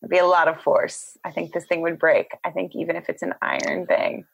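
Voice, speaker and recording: Gravelly-voiced woman in casual chat. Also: lowish voice, lively intonation, brisk, dull audio. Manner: laughing, plain explaining.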